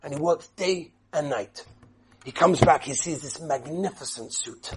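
A man giving an impassioned sermon in a study hall, speaking with emphatic, dramatic pauses. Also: a little high.

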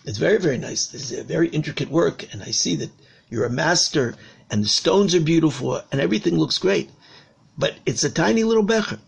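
A man's voice: on the high side, animated, brisk, creaky, slight background noise. A man voicing an indignant, demanding older king who exclaims in disbelief. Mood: grudging. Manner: exclaiming, incredulous.

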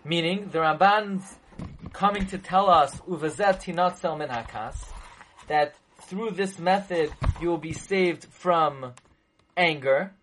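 A man's voice: fairly high pitch, unhurried, fairly bright tone, a little hiss or hum, poor audio. A man teaching a religious text in a lecture, making his point emphatically, repeating it and asking rhetorical questions, with Hebrew and Yiddish terms mixed into his English. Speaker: Torah teacher.

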